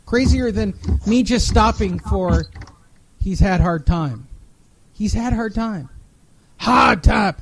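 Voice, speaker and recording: A man with a notably high voice hosts a casual podcast, reading an article aloud and stopping to mock its typos with profane sarcasm. The recording is close and dry, with no room sound. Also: warm tone, no echo, rough recording. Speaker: podcast host.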